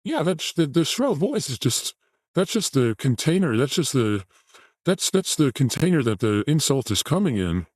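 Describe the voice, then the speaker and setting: A man's voice: medium pitch, sing-song, normal speed, darkish tone, no echo, studio quality. A man hosting a show, commenting on a video clip in a mocking, crude rant. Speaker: host reacting to a video clip.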